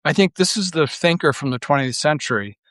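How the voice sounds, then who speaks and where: A man's voice: on the high side, expressive, brisk, fairly bright tone, no echo. A man giving a casual monologue as a political commentator, rambling and blunt, full of filler words and restarts. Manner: blunt and profane.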